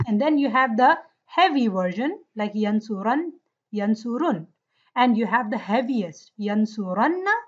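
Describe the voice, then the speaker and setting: A woman's voice: fairly high pitch, dull audio. A woman teaching Arabic grammar in an online class, explaining patiently and often checking that her students follow.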